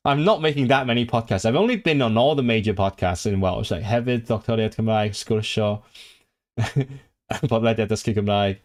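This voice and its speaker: A man with a lowish voice hosts a casual language-learning livestream at a moderate pace. He rambles, often restarts his sentences, reads out viewers' chat messages, and talks about languages with real eagerness.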